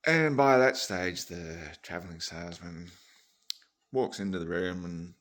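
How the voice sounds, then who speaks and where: A man's voice: deep voice, measured pace, a bit bright. A man, rambling and swearing as he tells a long joke story. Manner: rambling, swears, laughs at own tangents.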